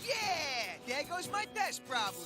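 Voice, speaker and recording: Scrappy, boastful teen duelist; high, lively delivery over music. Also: male voice, unhurried, exaggerated voice. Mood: cocky. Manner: cocky, boastful shouting. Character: brash, scrappy teenage boy duelist. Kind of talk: cartoon dub acting. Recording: dub audio with music underneath.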